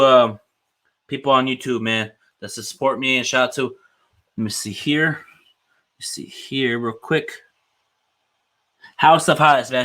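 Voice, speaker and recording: Young male podcast host, bright and forceful voice, earnest hype, filler-heavy casual delivery. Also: medium pitch. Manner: earnest, hyped, repeats "man" constantly. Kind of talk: casual solo sports podcast.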